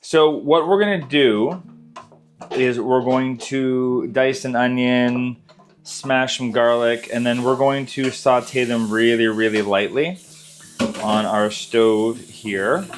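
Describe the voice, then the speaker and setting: A man's voice: medium pitch, slow. A man hosting a casual cooking video, walking through a recipe in his home kitchen in an easygoing, chatty way. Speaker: cooking channel host.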